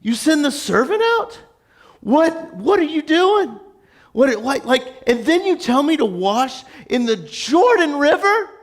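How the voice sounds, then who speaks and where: A preacher voicing a proud foreign general who is used to being obeyed and is furious at being slighted. He rants and scoffs in a raised, high-pitched voice, half-mocking, as the story is acted out in a sermon. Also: measured pace, a bit bright. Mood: outraged. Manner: indignant, ranting, scoffing.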